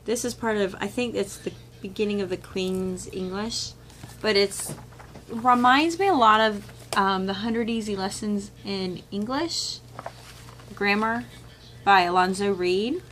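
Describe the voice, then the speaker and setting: A woman's voice: medium pitch, measured pace, a little hiss or hum. Chatty middle-aged woman homeschool vlogger. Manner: chatty and animated, acts out quoted voices with laughs and whispers. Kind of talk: casual chat, showing a curriculum haul. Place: home room with children nearby.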